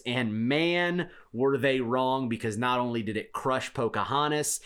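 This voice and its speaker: A man's voice: mid-range voice, fairly bright tone, smooth. A man co-hosting a podcast in casual chat, stating strong opinions in emphatic, declarative sentences. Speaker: podcast co-host.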